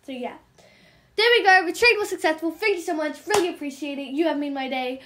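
A woman hosting a gaming channel, chattering fast and excitably as she narrates her in-game trades and apologizes for talking so quickly. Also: sits high. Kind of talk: game trading commentary vlog.

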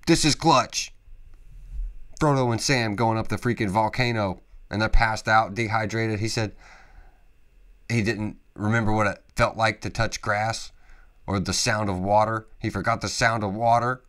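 A man hosting a podcast, talking casually and excitably, with lots of emphatic interjections. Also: lowish voice. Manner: excitable, emphatic, peppered with "freaking" and "dude". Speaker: podcast host. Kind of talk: casual solo podcast monologue.

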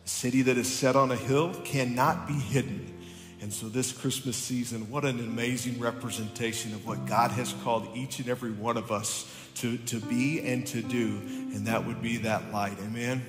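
A man speaking as pastor to a congregation in a friendly, relaxed way, with instructions and asides. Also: medium pitch, moderate pace. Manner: friendly, relaxed, addressing a crowd. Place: large church hall. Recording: echoey hall, music behind.

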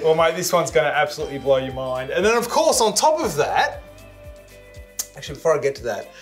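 A man's voice: on the high side, big pitch swings, fast talker. A man with an Australian accent hosting a fishing show, chatting casually, teasing and laughing a lot. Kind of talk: casual chat. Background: music.

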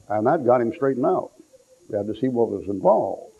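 A man preaching a sermon, telling folksy stories and acting out the people in them, sometimes shouting for effect. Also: medium pitch, lively intonation, fairly quick, creaky, husky. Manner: folksy storytelling, acts out quotes, shouts for effect. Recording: tinny lo-fi phone-like sound.

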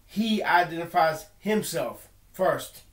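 A man's voice: fairly high pitch, animated, slow pace, roomy sound. A man giving an earnest personal monologue, emphatic and full of repeated words and restarts. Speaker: video blogger.

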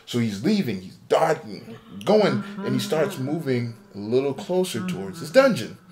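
A man spins a spooky story in casual podcast talk. He acts out a frightened character's thoughts with lots of swing in his pitch. His voice sits in an ordinary middle register. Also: moderate pace, a crowd in the background. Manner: animated, acts out a character's panicked inner voice. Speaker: podcast co-host. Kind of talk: casual storytelling of a game theory. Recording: amateur podcast recording.

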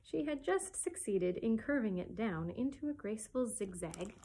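A children's librarian reading a storybook aloud for children, with expressive storytelling. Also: female voice, mid-range voice, moderate pace, slight background noise, low-quality recording.

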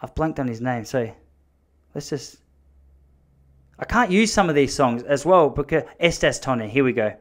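A man's voice: medium pitch, animated, normal speed, pauses often. Rambling man hosting a podcast. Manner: rambling, self-mocking, jokey asides. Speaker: podcast host. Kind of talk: solo podcast monologue.

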